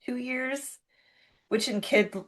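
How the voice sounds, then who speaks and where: A woman's voice: fairly high pitch, steady tone, slow. A middle-aged woman co-hosting a podcast, telling a rambling story full of fillers and restarts and swearing casually. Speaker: podcast co-host. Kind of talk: casual chat.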